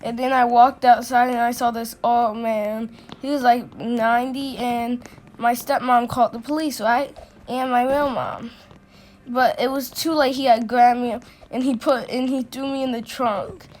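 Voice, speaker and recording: A woman telling a personal story in a casual storytime, halting often with restarts and fillers. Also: fairly high pitch, fairly even intonation.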